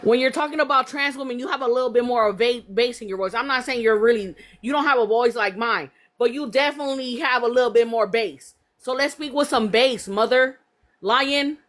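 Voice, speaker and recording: A woman's voice: fairly high pitch, a little fast, a bit bright. A woman host who confronts a guest on a live call, swearing and repeating her questions.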